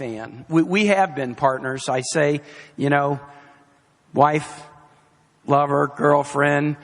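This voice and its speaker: A man's voice: a little high, long reverb tail. A middle-aged man giving a campaign rally speech, emphatic, repeating key phrases for effect. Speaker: political campaign speaker. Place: outdoor or hall campaign rally with a crowd. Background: faint crowd.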